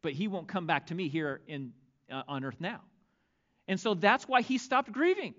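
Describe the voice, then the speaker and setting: A male pastor preaching a sermon, reading scripture aloud with dramatic, expressive delivery. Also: fairly high pitch, normal speed, lo-fi sound.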